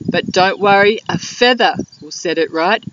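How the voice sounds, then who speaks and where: An Australian woman voicing a fussy, graceful female emu in a storybook, in a fluttery, high-flown manner, recorded dull and lo-fi with wind noise. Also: normal speed, far from the mic, close to an everyday voice. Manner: fluttery, high and breathy-sighing.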